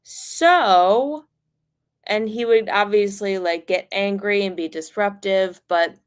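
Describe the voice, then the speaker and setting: Rambling woman telling a story on stream. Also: mid-range voice. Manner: rambling, filler-heavy, profane, animated. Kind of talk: casual livestream storytelling.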